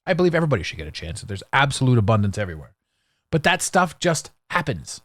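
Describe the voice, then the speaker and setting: Animated, blunt male podcast host. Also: mid-range voice, fast, dry recording. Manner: animated, blunt and sarcastic, with restarts. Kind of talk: solo podcast monologue.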